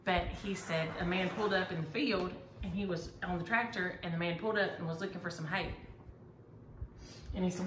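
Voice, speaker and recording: A woman's voice: fairly low pitch, steady tone, brisk. A middle-aged woman, chatting casually and enthusiastically as she shows her needlework. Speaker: needlework vlogger. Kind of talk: casual chat. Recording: echoey room, faint ambient noise.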